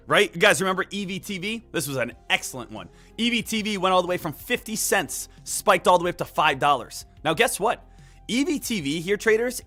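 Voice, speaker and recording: A man streaming live market commentary, energetic and emphatic, repeating key points and joking with viewers. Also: high-pitched. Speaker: day trading live streamer.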